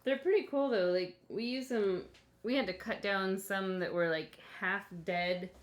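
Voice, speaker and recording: A woman's voice: medium pitch, unhurried, highs cut off. A woman co-hosting a painting show, chatting playfully and laughing easily. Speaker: co-host. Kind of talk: casual chat.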